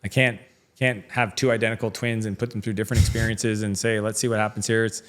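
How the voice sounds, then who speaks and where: A middle-aged man with a low-leaning voice talks at a quick pace in a level tone as a guest in a casual interview. His storytelling is chatty and full of fillers, and he acts out quoted dialogue.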